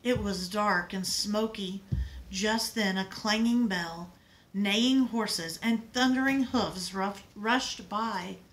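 A woman reading a picture book aloud in an expressive, dramatic way. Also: mid-range voice, slow, poor audio.

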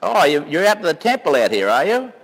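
Older man telling rambling, lively stories. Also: a little high, quick pace, husky, big-room sound, rough recording. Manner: rambling, anecdotal storytelling with restarts. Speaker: painting teacher and live-stream host. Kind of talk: casual live-stream chat.

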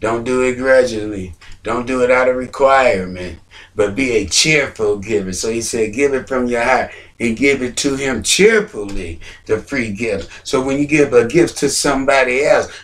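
A man's voice: medium pitch, moderate pace, recorded from a distance. Man preaching a sermon, set back from the mic. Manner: repeating phrases, rising to near-shouts.

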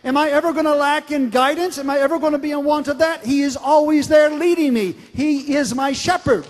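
High-voiced preacher in a reverberant hall. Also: male voice, brisk, few pauses. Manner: emphatic, swings from loud declarations to quiet storytelling. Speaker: pastor. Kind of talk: sermon. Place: large church sanctuary.

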